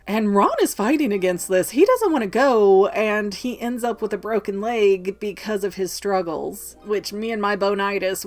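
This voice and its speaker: Woman casually recapping a book chapter. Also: medium pitch. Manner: lively storytelling that slips into quick acted voices. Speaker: book club vlog host.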